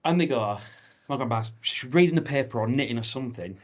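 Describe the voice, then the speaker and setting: A man hosting a podcast, chatting casually, swearing freely and telling stories with lively impressions of the people in them. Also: medium pitch, fast talker. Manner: animated storyteller, swears freely, acts out quotes. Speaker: podcast host. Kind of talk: casual chat.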